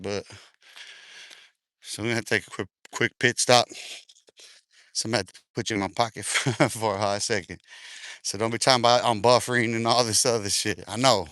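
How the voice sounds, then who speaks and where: A man's voice: mid-range voice, sharp tone, clear, resonant tone, no room sound. A man ranting casually on a livestream, taunting and bragging, swearing constantly and laughing often between lines.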